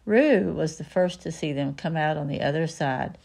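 A woman reading a children's book aloud in an expressive way. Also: deep voice, a little slow, creaky, few pauses. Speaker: storybook reader.

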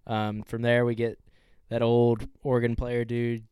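A man's voice: mid-range voice, completely flat delivery, measured pace, warm tone, clear, resonant tone, no echo, clean studio sound. Laid-back man recapping a film. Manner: laid-back recap, plot-walking with "from there". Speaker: podcast co-host. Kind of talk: casual film discussion.

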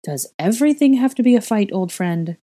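Gruff hearty old wizard, blunt, low mellow voice, read by a woman. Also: sing-song, brisk. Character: gruff, hearty male wizard founder with a pipe.

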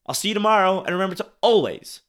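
A man's voice: high voice, expressive, fast, fairly bright tone, clean tone. A man hosting an instructional podcast, talking casually and repeating phrases for emphasis as he demonstrates speaking techniques. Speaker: podcast host and speaking coach.

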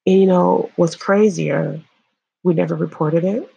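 A woman from Illinois giving earnest personal testimony, halting and repeating herself as she speaks to viewers. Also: on the low side, steady tone, vocal fry, warm tone, husky. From Illinois, USA. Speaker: survivor sharing her story.

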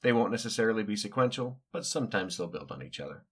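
A man's voice: on the low side, animated, quick pace, slightly rough. A middle-aged man from the United States telling a story in a casual monologue, wry and digressive, with offhand asides and hesitant fillers. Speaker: podcast host recounting his upbringing.

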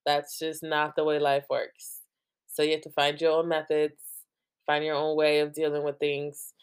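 A young woman from New Jersey talks through her podcast in a loose, rambling way, leaning on "like" and breaking into laughs. Her voice sits low for a woman. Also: completely flat delivery, moderate pace, clear, resonant tone. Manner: rambling, heavy use of "like", laughs often. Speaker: podcast host. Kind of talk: casual chat.

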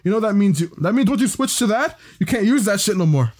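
A man's voice: sits high, lively intonation, quick pace, darkish tone. A young man co-hosting a podcast, talking casually, often restarting his sentences and swearing freely. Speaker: podcast co-host. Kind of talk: casual chat.

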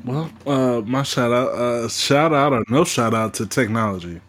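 A man's voice: mid-range voice, moderate pace, fairly bright tone, no room sound. A man co-hosting a casual chat, making short, wry, laid-back remarks.

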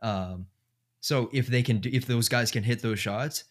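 A man's voice: mid-range voice, moderate pace. A man hosting a casual sports podcast, thinking aloud with lots of fillers. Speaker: podcast host.

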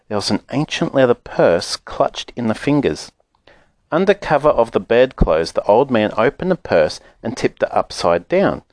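A man narrating a children's book aloud in an expressive, animated way. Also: fairly low pitch, dry recording, clean studio sound. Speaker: audiobook narrator. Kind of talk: storybook narration.

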